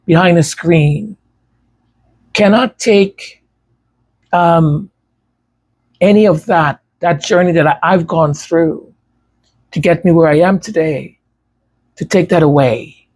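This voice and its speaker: Speaking slowly and pausing often, this music creator talks casually to his supporters in a highish, somewhat mellow, husky voice. His stutter makes him repeat words, and a tongue tie leaves some sounds difficult to get out.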